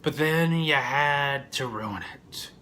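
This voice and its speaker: A young man rambling through a casual wrestling review, swearing often and breaking into loud outbursts. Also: medium pitch, slow pace, a little hiss or hum.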